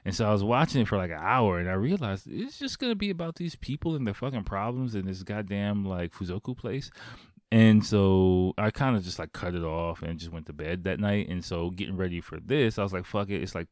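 A young man with a very low voice rambles through a movie recap, full of fillers, restarts and casual swearing. The sound is dry and close, with no room around it. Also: lively intonation, brisk, darkish tone, no room sound.

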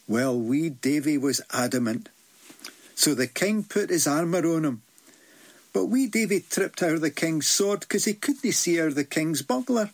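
A man's voice: a little high, unhurried. Scottish man telling a folk tale. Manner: lively, broad Scots dialect. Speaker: storyteller. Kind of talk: folk storytelling.

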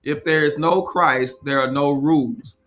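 A man's voice: on the high side, steady tone, unhurried, a bit bright. A man hosting a casual live chat, reading viewer comments aloud and giving firm opinions.

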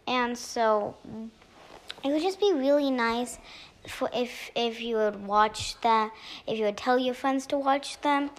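A woman's voice: on the high side, takes it slowly. A young woman hosting a casual solo podcast, rambling through her thoughts with many fillers and restarts and playful sound effects. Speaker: podcast host.

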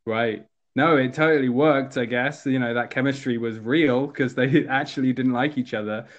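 A man casually discussing a film as a podcast co-host, animated and full of fillers. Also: moderate pace, highs cut off. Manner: animated, jumps to high voices when quoting characters.

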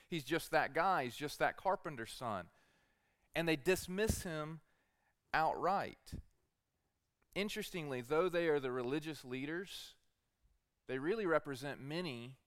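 Smooth-voiced male pastor preaching. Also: fairly high pitch, a bit bright, dry recording, studio quality. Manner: earnest, repeats rhetorical questions to the congregation. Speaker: teaching pastor. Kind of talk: sermon.

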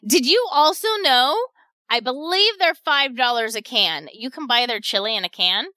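Bright, high-voiced woman radio pitch host. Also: sing-song, normal speed, dry recording. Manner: chatty, repeats prices, upbeat pitchman patter. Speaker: radio shopping show host.

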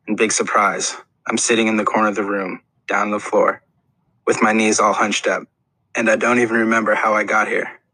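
A man's voice: fairly low pitch, level tone, brisk, pushed and bright, slightly rough, no room sound, low-quality recording. A man reading a first-person audiobook in an earnest, plain storytelling manner. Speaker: audiobook narrator.

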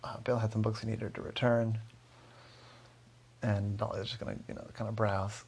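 A man with a gravelly voice telling a story casually, rambling with fillers. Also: fairly low pitch, level tone, moderate pace, a little mellow, slight background noise.

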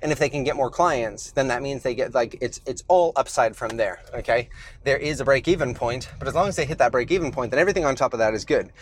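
A man's voice: mid-range voice, fast talker. A man hosting his own podcast in a loose, conversational way, slightly out of breath after the gym, with lots of fillers and restarts. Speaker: podcast host. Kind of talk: casual solo podcast talk.

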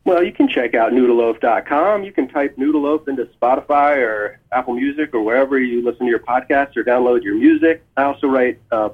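Man on a husky phone line. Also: mid-range voice, brisk, hardly any pauses. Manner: relaxed, thoughtful, many fillers. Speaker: guest musician. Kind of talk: phone interview.

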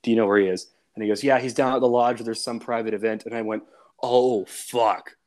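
A man's voice: on the low side, steady tone, quick pace. A man co-hosting a casual podcast who talks with enthusiasm, laughs a lot and retells scenes in chat. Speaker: podcast co-host.

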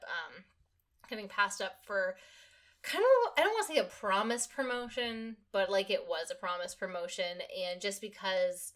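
A young woman hosting a podcast, telling a work story in casual chat and acting out what people said. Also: mid-range voice. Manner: animated storyteller, acts out quotes. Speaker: podcast host.

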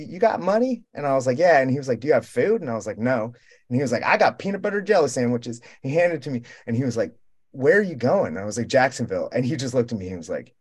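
A man's voice: mid-range voice, a little mellow. A young man telling a long travel story in casual roundtable talk, rambling and profane, acting out the people he met in quoted lines. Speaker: roundtable guest.

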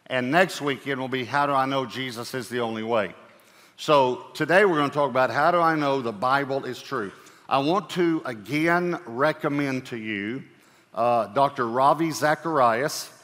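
A man preaching a sermon as pastor, talking in a relaxed conversational way with fillers and repeated phrases. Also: medium pitch, moderate pace. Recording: reverberant church hall.

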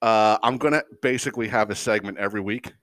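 A man's voice: fairly low pitch, fast, no echo. A middle-aged man hosting a podcast, ranting casually with heavy profanity and frequent laughs. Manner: profane, animated, laughing storyteller. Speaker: podcast host. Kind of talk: casual comedic rant.

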